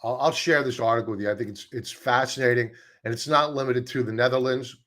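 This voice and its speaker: A man's voice: mid-range voice, quick pace, a bit bright. A man hosting a live stock-chart stream, talking in a chatty, sarcastic way with many asides. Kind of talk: casual live-stream commentary.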